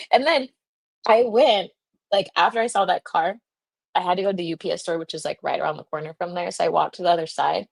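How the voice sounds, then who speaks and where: A woman's voice: fairly low pitch, expressive, a little fast, creaky, long pauses, no room sound. A young woman hosting a livestream, telling a story casually, laughing often and saying "like" a lot. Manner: giggly, laughs often, lots of "like" fillers. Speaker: livestream host.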